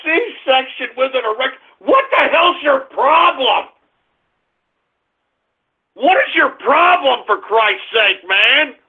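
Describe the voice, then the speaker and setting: High-voiced guy hosting radio, husky and fed up, groaning and yelling at his chat. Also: animated, takes it slowly. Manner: ranting, swings between groaning and shouting. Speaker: radio show host. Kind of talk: exasperated live call-in banter. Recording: tinny phone-line sound.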